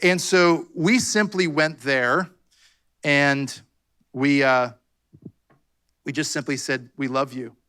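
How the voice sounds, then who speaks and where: A man's voice: on the high side, slow, pauses often, sharp tone, smooth. A man pastor preaching a fervent sermon, calling out "come on" and "amen" to his congregation. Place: church sanctuary.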